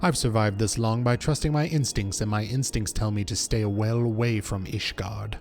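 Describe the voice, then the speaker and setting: A man's voice: fairly low pitch, moderate pace, darkish tone, close to an everyday voice. A man reading a wary, self-serving sellsword.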